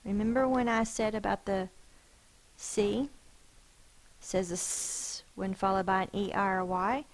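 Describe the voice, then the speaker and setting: A woman teacher giving a phonics lesson, sounding out words slowly and carefully. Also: medium pitch, steady tone, low-quality recording.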